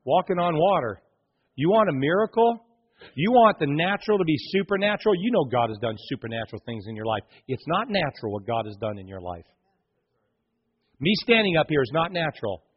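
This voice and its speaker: Husky preacher swinging hushed to loud. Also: male voice, a little high, big pitch swings, a little fast, muffled recording. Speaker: pastor. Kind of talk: sermon.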